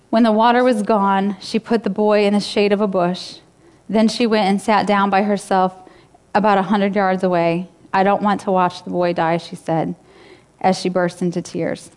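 A woman's voice: medium pitch, darkish tone, clear, resonant tone. A woman pastor giving a sermon in a casual, conversational way, retelling a story and speaking to her church. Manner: casual, conversational preaching with fillers.

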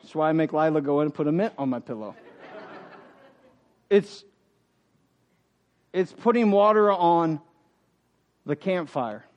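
A man preaching a sermon in church, emphatic and humorous as he addresses the congregation. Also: high voice. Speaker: pastor. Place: church sanctuary.

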